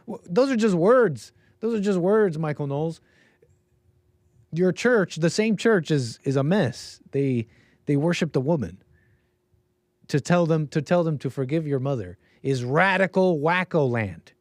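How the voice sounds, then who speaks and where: A man hosting a livestream, reacting to a debate clip in a chatty, animated way. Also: a little high, measured pace, dry recording, studio quality. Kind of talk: casual reaction commentary.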